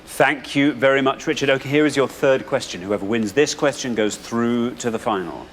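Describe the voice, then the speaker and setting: A man with an English accent hosting a quiz show, brisk and upbeat, building suspense before each reveal. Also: medium pitch. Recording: studio audience and background noise.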